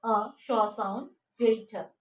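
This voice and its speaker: A woman teaching pronunciation, drilling words slowly, spelling out letters and checking with "okay?" between them. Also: fairly high pitch, far from the mic. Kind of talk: slow drilled pronunciation lesson. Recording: echoey room, a bit off mic.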